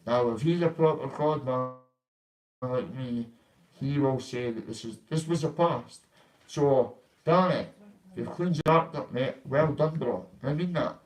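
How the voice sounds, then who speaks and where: Vlogger, young man, blunt and confrontational, swears freely, mid pitch. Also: a little slow, rough recording. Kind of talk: casual ranting vlog.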